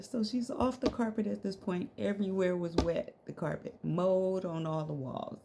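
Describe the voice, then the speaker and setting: A woman's voice: fairly low pitch, fairly even intonation, moderate pace, vocal fry, few pauses, mellow, a little hiss or hum. A middle-aged woman telling a story to her viewers in a casual, slangy way, laughing often.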